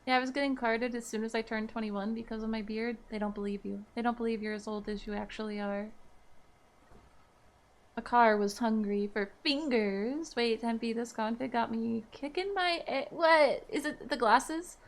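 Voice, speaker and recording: Chatty streamer woman, fairly high voice. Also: fairly even intonation, moderate pace. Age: 30s. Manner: chatty, laughs easily, reads chat aloud. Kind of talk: casual live-stream chat with viewers.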